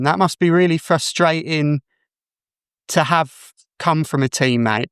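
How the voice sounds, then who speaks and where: Smooth, attentive male podcast host. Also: fairly high pitch, unhurried, fairly bright tone, no room sound, studio quality. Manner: attentive, encouraging, short backchannels. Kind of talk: interview questions.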